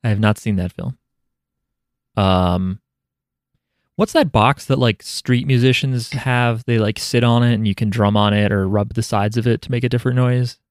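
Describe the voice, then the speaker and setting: Podcast host, male, mid-pitched, dry close-mic sound, offhand deadpan humor. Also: moderate pace, smooth, no room sound. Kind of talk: casual chat.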